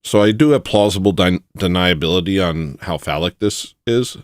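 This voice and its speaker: A man hosting satirical commentary, rambling and joking with loud sudden bursts. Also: low-pitched, normal speed, no room sound, clean studio sound. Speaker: commentary host.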